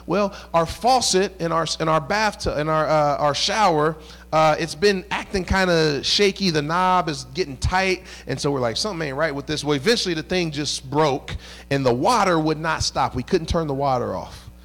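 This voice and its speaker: High-voiced man preaching a conversational sermon. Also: normal speed, fairly bright tone. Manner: conversational preaching, rising into emphatic bursts. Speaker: pastor.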